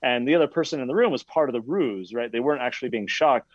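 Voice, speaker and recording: Animated man telling a story, dry lo-fi sound. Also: mid-range voice, quick pace, no echo. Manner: animated storyteller acting out quoted voices. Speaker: podcast co-host. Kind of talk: casual podcast discussion.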